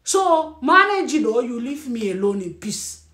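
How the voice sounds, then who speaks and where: A woman with a Nigerian accent, a Birom speaker, giving a blunt, scolding commentary with lively laughter. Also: on the high side, measured pace. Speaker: commentary vlogger. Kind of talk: ranting commentary. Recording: echoey room.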